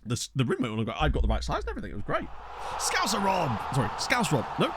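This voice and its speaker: A man with a medium-pitched voice races along while streaming a football management game from a small bedroom, rambling through stories for his live chat and laughing often. He's animated and casual, speaking into a desk USB microphone, with heavy background noise present.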